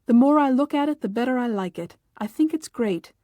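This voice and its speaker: A woman voicing an eager young husband on his honeymoon, coaxing and a little exasperated, trying to smooth things over with his bride. The voice sits on the high side, with a mellow, dark tone, recorded close and dry, as in a storybook reading. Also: lively intonation, brisk, no echo, lightly acted. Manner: coaxing, then defensive.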